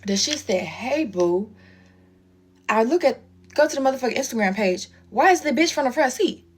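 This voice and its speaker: A woman's voice: high-pitched, fast talker, husky. A woman, telling a profane, slang-filled story in a casual story-time chat and acting out everyone's lines. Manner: animated, profane, slangy storytelling with quoted voices.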